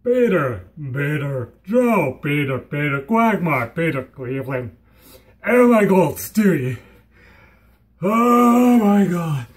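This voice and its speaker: Hyper high-voiced young man vlogging. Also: big pitch swings, slow. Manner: hyper and giddy, swinging from squeals to mutters. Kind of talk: hyper casual vlog monologue.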